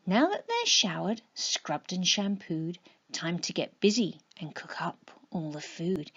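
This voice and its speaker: A woman's voice: lowish voice, sing-song, unhurried, a bit bright, slightly rough, highs cut off. A woman, a children's author, reading her rhyming bedtime story in a sing-song way, often dropping to a whisper.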